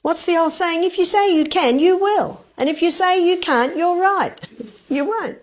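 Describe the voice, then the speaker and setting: A woman's voice: extremely high pitch, measured pace. A woman giving a health lecture to a live audience, telling a story and asking the audience rhetorical questions. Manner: acts out quoted dialogue.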